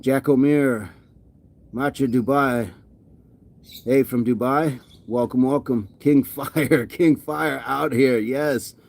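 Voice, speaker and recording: A man's voice: mid-range voice, steady tone, takes it slowly, creaky. A man livestreaming a workout, winded and sweaty, reading viewer comments aloud and often repeating himself in casual chat. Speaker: fitness livestreamer.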